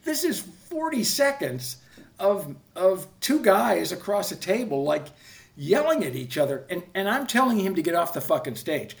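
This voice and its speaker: A man's voice: sits high, very animated, normal speed, vocal fry. A man in his sixties, a TV producer guesting on a podcast, telling a rambling story full of restarts and swearing. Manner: rambling, self-correcting, swears freely. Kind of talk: casual anecdotal storytelling.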